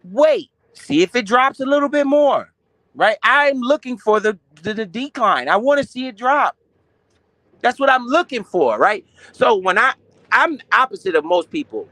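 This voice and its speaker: A young adult man hosting a casual finance live stream. He talks in an animated, slangy and profane way, asking questions and answering them himself. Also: very high-pitched, moderate pace, no echo.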